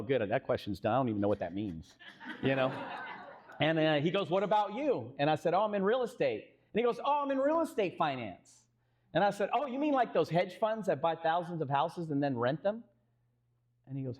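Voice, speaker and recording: A man with a Texan accent telling a business story on a live stage panel, acting out the dialogue and asking the crowd questions. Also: fairly high pitch. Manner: animated, acts out quoted dialogue, asks the crowd questions. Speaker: real estate company co-founder telling a story on a live panel.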